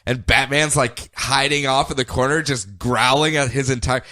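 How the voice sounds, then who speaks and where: A man hosting a podcast, casually recapping comics in a jokey, animated way. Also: mid-range voice, normal speed, no room sound, clean studio sound. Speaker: podcast host.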